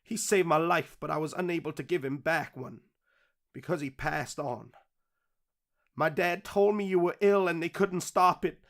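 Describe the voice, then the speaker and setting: A man's voice: fairly high pitch, normal speed, pitched above the performer's own voice, lightly acted. A man rapping a cappella in a put-on American accent, rhythmic and earnest, recorded on a USB microphone. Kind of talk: a cappella rap.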